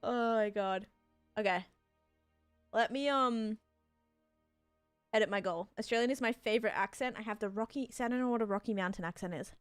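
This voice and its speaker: A woman livestreamer chatting casually with viewers while she plays, talking loosely with lots of "like" and breaking into quick excited thanks. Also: a little high, smooth, no room sound, faint music behind. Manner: chatty, heavy use of "like", bursts of excited thanks. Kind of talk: casual chat while playing, answering viewers.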